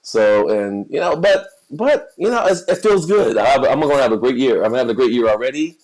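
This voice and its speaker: Animated and brisk, a man with a mid-range, slightly mellow voice co-hosts a podcast, chatting casually about football and celebrity news. He's American and often repeats words while searching for what to say. The recording sounds rough.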